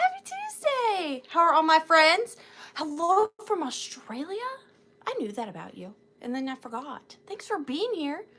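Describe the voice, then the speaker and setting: This woman's voice is high and somewhat bright. She runs an antique and vintage live sale, talking in a relaxed, chatty way, welcoming viewers by name and making light of herself.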